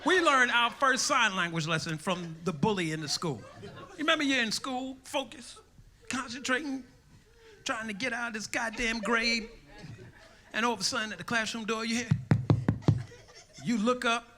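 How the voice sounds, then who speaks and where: A man doing a profane, brash stand-up routine, telling animated stories. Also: very high-pitched, normal speed, pauses often. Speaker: stand-up comedian. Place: comedy club stage. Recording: live club recording with audience noise.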